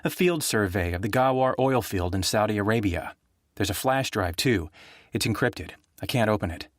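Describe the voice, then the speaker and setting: A man's voice: lowish voice, expressive, normal speed, no room sound, studio quality, lightly acted. Man voicing a tense, grieving ex-professor. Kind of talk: audiobook character voice.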